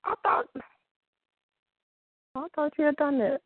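A woman giving a rambling church testimony, halting with fillers and restarts and breaking into praise to God. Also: high-pitched, narrow, tinny audio.

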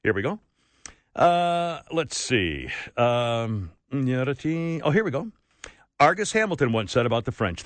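A man hosting a talk radio show, ranting with sarcasm and indignation, swinging between loud outbursts and low asides. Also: big pitch swings, takes it slowly, dry recording. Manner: indignant, sarcastic, rants loudly then drops low. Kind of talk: opinionated talk radio monologue.

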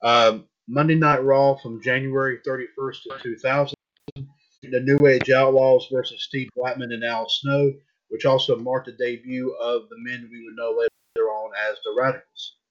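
A man's voice: mid-range voice, level tone, lo-fi sound. A man hosting a casual wrestling talk show, asking his co-hosts questions and often restarting his sentences. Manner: halting, many restarts and fillers. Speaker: podcast host.

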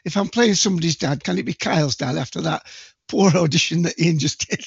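High husky man with gravelly edge. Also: fairly quick, no room sound. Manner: dry teasing banter. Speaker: podcast co-host. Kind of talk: casual chat. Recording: dry dull lo-fi sound.

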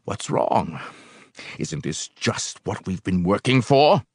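A man's voice: on the low side, very animated, takes it slowly, a little mellow, husky, dry recording, full character voice. A man voicing a sarcastic, domineering leader. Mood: furious sarcastic. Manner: sarcastic, explosive, commanding. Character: domineering male organization leader, sarcastic and forceful.

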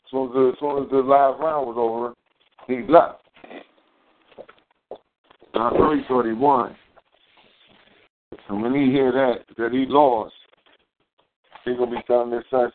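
A man's voice: medium pitch, steady tone, unhurried, long pauses, a little hiss or hum. A male host rambles through a heated, profane story in a casual live talk. His voice sits in a middle range. The audio is thin and phone-like. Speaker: show host. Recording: tinny phone-quality audio.

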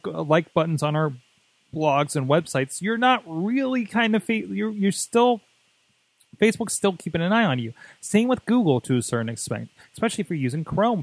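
Sitting high in pitch, another man's voice co-hosts the tech show, wandering through casual chat stuffed with fillers and jokes. There's no room sound at all.

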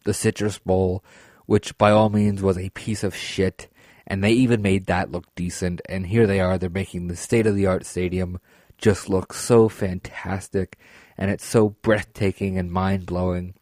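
Male podcast host with a lowish voice, dry close-mic sound; rambling, profane, excitable storyteller. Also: a little slow, dry recording. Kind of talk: casual storytelling.

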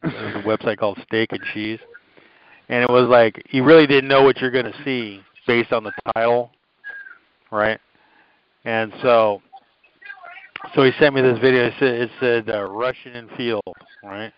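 A man's voice: mid-range voice, steady tone, moderate pace, pauses often, smooth, dull audio. A man in casual, crude podcast chat, telling rambling anecdotes full of profanity and quoted lines.

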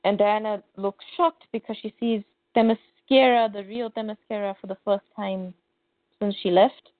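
A woman's voice: mid-range voice, normal speed, no room sound. A woman co-hosting a podcast, animatedly retelling a comic's plot and reading the characters' lines aloud. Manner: animated retelling with quoted voices. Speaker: podcast co-host. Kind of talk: casual comic recap, reading dialogue aloud. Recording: tinny phone-like dry audio.

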